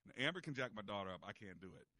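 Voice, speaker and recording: A man's voice: on the low side, sing-song, rapid-fire, bright, forceful tone, no echo. A man hosting a call-in advice show on the radio, giving blunt, folksy, joking advice into a studio microphone.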